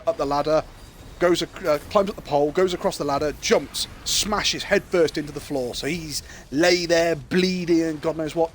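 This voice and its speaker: A man's voice: on the high side, a little hiss or hum. A British man streaming a game, chatting casually and telling a long joke full of fillers and restarts. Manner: rambling, many fillers and restarts. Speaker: gaming streamer.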